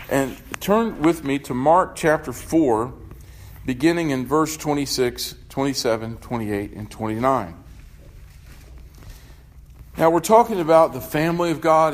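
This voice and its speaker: A male pastor preaching a sermon, asking his congregation questions as he goes. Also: mid-range voice. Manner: unhurried, asks the congregation questions.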